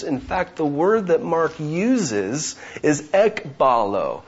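A man's voice: on the high side, husky, highs cut off. A man preaching an expository sermon, who keeps asking rhetorical questions and acts out the voices of the people in the story.

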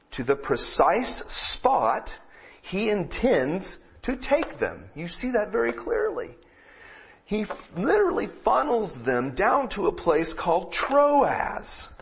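A man delivers a sermon at a slow, deliberate pace, his husky voice rising from calm explanation to loud, emphatic peaks. His pitch swings widely. The recording sounds a little dull and lo-fi. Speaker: pastor.

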